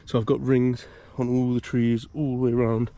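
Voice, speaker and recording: This solo wild-camping vlogger from the UK keeps his voice hushed, almost whispering, as he explains his gear step by step to the camera in a woodland. His mid-range delivery is flat and moderately paced, and the talk is casual.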